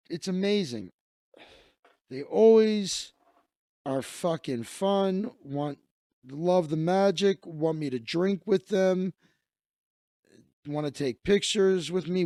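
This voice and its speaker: This high-pitched, warm male voice belongs to a man in his thirties, a comedian and magician running his own livestream. He tells stories as a casual comedic rant, swearing, wandering off topic, and cutting himself off. The sound is clean studio audio with no room sound.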